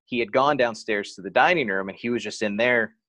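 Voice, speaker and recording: A man's voice: mid-range voice, a little fast, sharp tone, no room sound. A man talking as a podcast guest, telling a personal story openly and casually, with lots of "like" as filler. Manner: frank and open, heavy use of "like".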